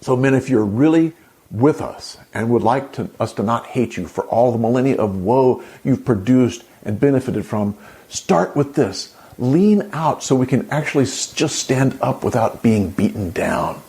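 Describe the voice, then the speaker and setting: Male commentary host, gravelly and sarcastic, with a lively, animated delivery. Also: medium pitch, normal speed. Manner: indignant, exclaiming, sarcastic. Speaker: channel host. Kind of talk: opinion commentary.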